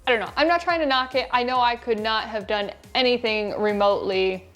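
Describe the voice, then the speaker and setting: A woman's voice: fairly high pitch, a little fast, a bit bright, soft background music. A woman reviewing a film in a casual, sarcastic, rambling way, recorded on a lapel mic in her shirt. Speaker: movie reviewer.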